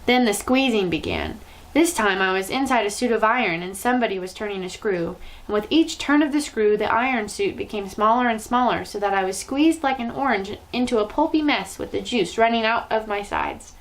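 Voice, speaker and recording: A woman reading a children's novel aloud with expressive, dramatic storytelling. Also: medium pitch, a little fast, low-quality recording.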